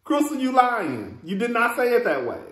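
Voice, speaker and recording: A man's voice: extremely high pitch, huge pitch swings, normal speed, fairly bright tone, roomy sound. A man, hosting a casual review vlog in a sassy, chatty way, calling listeners "girl" and laughing often. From Texas. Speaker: reality TV reviewer, host.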